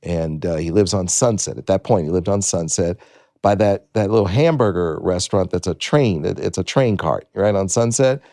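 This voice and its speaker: Gravelly man in his 60s telling stories. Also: deep voice, moderate pace, dry recording, clean studio sound. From Detroit. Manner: animated anecdotes, acting out voices. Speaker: guest. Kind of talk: storytelling interview.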